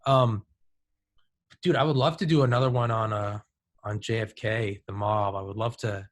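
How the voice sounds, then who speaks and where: With a lowish voice and a moderate tempo, a man in his thirties hosts a laid-back podcast chat. His storytelling is animated, and "dude" and "like" come up constantly.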